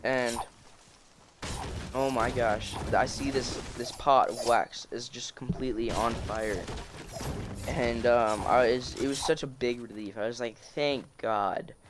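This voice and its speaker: A man's voice: mid-range voice, fairly even intonation, measured pace. Man, casual storytime vlog, rambling with restarts, phone recording, clicking noise behind. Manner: rambling, many restarts and fillers. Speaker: storytelling vlogger. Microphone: phone screen recording.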